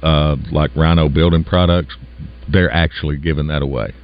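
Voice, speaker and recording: Deep-voiced radio guest. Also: male voice, steady tone, normal speed, muffled recording. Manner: plain, matter-of-fact, many "yep"s. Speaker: guest promoting an outdoor show. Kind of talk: casual radio interview.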